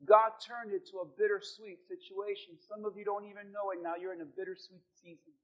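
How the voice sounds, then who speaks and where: A middle-aged male pastor with a very high voice preaches a sermon. He swings from quiet asides to loud, dramatic shouting as he acts out prayers. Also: level tone, brisk, muffled recording.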